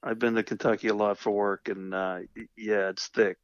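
A man's voice: on the low side, little pitch movement, normal speed, highs cut off. A man in casual chat, mostly chiming in with short reactions and curious follow-up questions. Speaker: podcast co-host.

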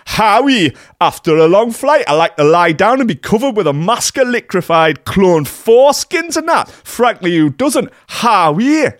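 A man's voice: sits high, very animated, a little slow, hardly any pauses, dry recording, studio quality, pitched above the performer's own voice. A man putting on a mocking impression of a gushing woman celebrity in a raised, exaggerated voice.

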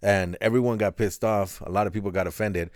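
A man's voice: on the low side, fairly even intonation, fairly quick, no echo, studio quality. A young adult man in casual podcast chat, joking, swearing and laughing often. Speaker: podcast co-host.

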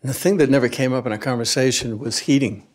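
A man's voice: mid-range voice, quick pace. A man thinking aloud in a casual group discussion, with some stumbles.

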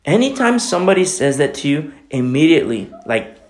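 Emphatic conversational preacher in a roomy church. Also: male voice, fairly high pitch, sing-song, a little fast. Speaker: pastor. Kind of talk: sermon.

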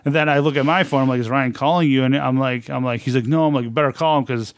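A man telling a story in casual chat, swearing freely and acting out others in high put-on voices. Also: fairly even intonation, fast talker, dry recording.

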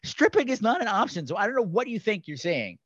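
A high-voiced man hosting a podcast in an animated, gossipy chat, often slipping into loud impressions of other people. His voice sounds dry and close, with a dull, lo-fi tone. He talks in a loose, rambling way with restarts. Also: fast, no echo. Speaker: podcast host.

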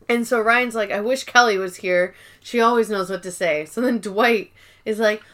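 A woman's voice: a little high, normal speed, a bit bright. A woman co-hosting a podcast, casually recapping episodes, acting out the lines and swearing freely. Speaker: podcast co-host.

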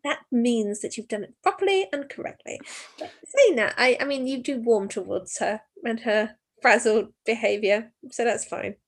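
A woman's voice: on the high side, moderate pace. A woman co-hosting a podcast, chatting playfully and laughing often. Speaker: podcast co-host. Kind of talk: casual chat.

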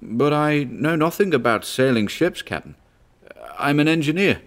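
A man's voice: a little high, animated, normal speed, pitched above the performer's own voice, lightly acted. A man voicing a young male engineer adrift at sea, panicky and pleading in a strained, raised voice. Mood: frantic. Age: young adult.

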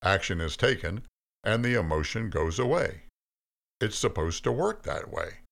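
A man's voice: on the low side, moderate pace, gravelly. A man doing a stern, patient God. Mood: calm, patient. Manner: stern, then soft and calm. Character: stern but patient male God, all-powerful.

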